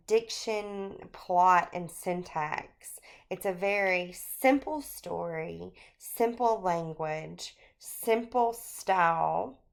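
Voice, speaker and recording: A woman teacher records a screencast lecture on a short story, explaining it at an unhurried pace with many fillers. Her voice is mid-range.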